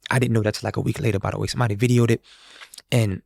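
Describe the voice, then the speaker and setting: A man's voice: lowish voice, very fast, creaky, no room sound, clean studio sound. A man, a street musician, telling a story in casual talk and acting out the dialogue of the people in it. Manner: animated, acts out quoted dialogue.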